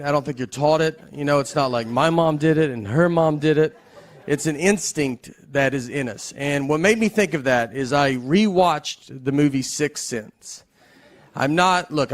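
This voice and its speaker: A man performing a stand-up comedy set in a slow, deadpan drawl with wry pauses, recorded live. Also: fairly high pitch. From American South. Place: live comedy venue with audience laughter.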